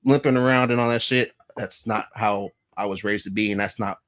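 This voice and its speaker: A man's voice: on the low side, fairly even intonation, brisk, fairly bright tone. A man in his thirties hosting a podcast, talking candidly and profanely about his past and how he changed. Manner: candid, profane, self-reflective. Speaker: podcast host. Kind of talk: casual podcast chat.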